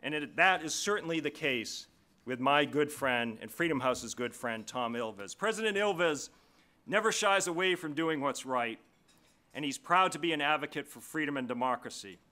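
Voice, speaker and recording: A man introducing the keynote speaker at a formal dinner, speaking in a measured way and slowing down for emphasis. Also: fairly high pitch, pushed and bright. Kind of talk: formal prepared speech at a dinner. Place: large banquet hall.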